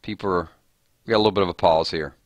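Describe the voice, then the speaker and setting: Deep-voiced and rapid-fire, with fairly even intonation, a man runs a casual livestream with no echo. He playfully reads rhymes sent in chat and rates them.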